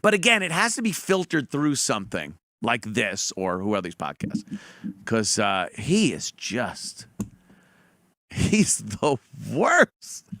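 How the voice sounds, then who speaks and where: A man's voice: mid-range voice, huge pitch swings, takes it slowly, pushed and bright, no echo, clean studio sound. A man hosting a commentary show, reacting to clips in a mocking, profane way. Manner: mocking, profane, mimics voices. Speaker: commentary channel host.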